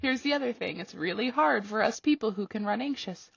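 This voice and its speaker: A woman hosting a podcast, telling a personal story in a casual, animated way, laughing often and rising high when acting out her own reactions. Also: brisk, vocal fry, breathy edge, no room sound, muffled recording. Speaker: podcast host.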